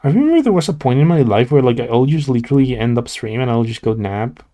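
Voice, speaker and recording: His voice is medium in pitch, mellow and expressive, and he talks fast. A sleepy young streamer, yawning as he draws, he chats casually with his live chat, rambling, full of "like" fillers and restarts.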